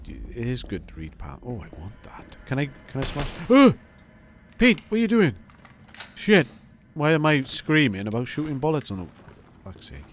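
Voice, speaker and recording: Guy yelling at a horror game, swears constantly, jokey, voice jumps all over. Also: a little high, a little hiss or hum. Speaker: let's play host. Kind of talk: gameplay commentary.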